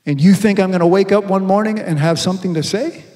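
High-voiced male preacher in a reverberant hall. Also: mellow. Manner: preaching with rhetorical questions and slow emphatic reading. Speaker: pastor. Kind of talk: sermon. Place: church hall. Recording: long reverb from a large hall.

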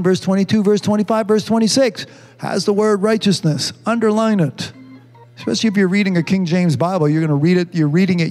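High-voiced fervent male preacher. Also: a little mellow. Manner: fervent, repeats amen and hallelujah; calls for congregation responses. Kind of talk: sermon.

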